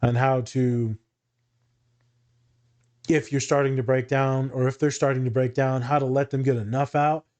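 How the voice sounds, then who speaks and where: A man's voice: medium pitch, little pitch movement, normal speed, pauses often, darkish tone. Candid, profane man talking shop. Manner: candid, profane, dry humor. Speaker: therapist and teacher. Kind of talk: casual podcast chat.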